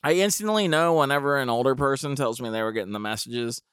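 A man's voice: medium pitch, quick pace, a bit bright, clear, resonant tone, dry recording, studio quality. A young man telling a comic story with wry, rambling asides. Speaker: comedian. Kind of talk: storytelling comedy monologue.

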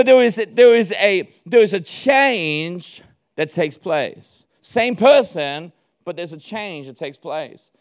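A man preaching as a pastor to a room of church leaders, animated, laughing often and acting out bits of dialogue. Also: high-pitched, smooth.

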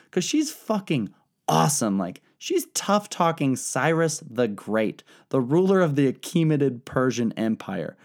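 A man's voice: fairly low pitch, darkish tone. A man retelling history in a casual, profane, comedic podcast style with laughing asides. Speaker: podcast host.

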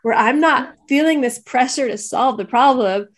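A woman's voice: high-pitched, moderate pace. Thoughtful woman co-hosting a parenting podcast. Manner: thoughtful, sharing personal parenting stories. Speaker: podcast co-host. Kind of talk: casual panel discussion.

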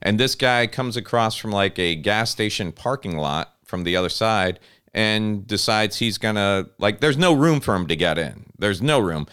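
A man in his thirties co-hosting a podcast, telling a story in casual chat with lots of swearing and animated delivery. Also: lowish voice, normal speed, clear, resonant tone. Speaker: podcast co-host.

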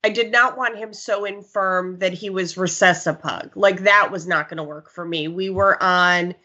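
A woman who works as a dog trainer, chatting casually and telling stories in an animated way. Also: on the low side, normal speed. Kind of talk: casual podcast chat. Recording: slightly dull lo-fi sound.

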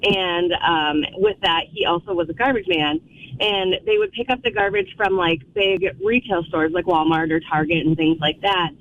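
A man's voice: high-pitched, moderate pace, fairly bright tone. A male caller telling a story over the phone in a giggly, rambling way. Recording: muffled phone line with faint hiss.

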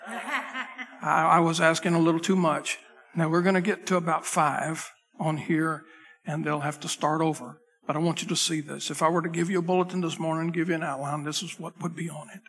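A man with a slightly high, husky voice preaches from the pulpit into a microphone. His talk is loose and conversational, full of restarts and asides to the crew at the back. The sound carries a long reverb from the sanctuary. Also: steady tone, brisk, a bit bright. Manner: loose, chatty delivery with frequent restarts and asides to the tech crew. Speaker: pastor. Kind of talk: conversational sermon. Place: church sanctuary.

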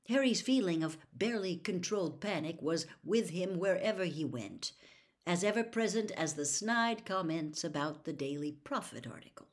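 A woman narrating an audiobook with expressive storytelling, at times dropping to a whisper. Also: fairly low pitch.

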